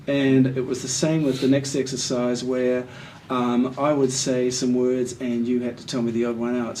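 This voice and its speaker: Male tutor, mellow tone, encouraging and patient, mic set back with faint room hum. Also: mid-range voice, level tone, normal speed, few pauses. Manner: patient, encouraging, explains step by step. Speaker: literacy tutor giving assessment feedback. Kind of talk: one-on-one feedback session. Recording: voice picked up from a distance with faint room noise.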